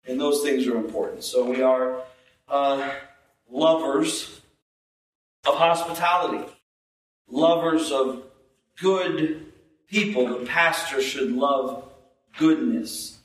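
A man preaching a sermon as pastor, slow and emphatic, repeating phrases for stress. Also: mid-range voice. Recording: echoey room, distant mic.

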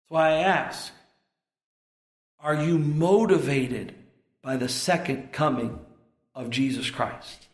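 A man preaching a sermon as pastor, impassioned and building to shouted peaks. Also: on the high side, fairly even intonation, slow pace, long pauses, reverberant.

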